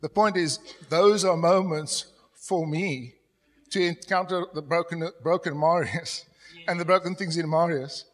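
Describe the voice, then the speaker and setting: A middle-aged man preaching a sermon as pastor, telling stories and dropping to a soft, confessional tone when he quotes himself. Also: a little high, fairly even intonation, unhurried. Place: church hall. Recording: long church hall reverb.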